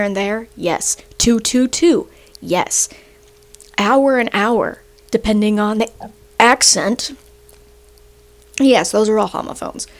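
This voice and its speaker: A young woman hosting a video, ranting in a casual, sarcastic and rambling way, a little short of breath. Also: mid-range voice. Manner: animated, sarcastic, rambling with fillers. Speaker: video host. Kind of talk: casual rant to camera.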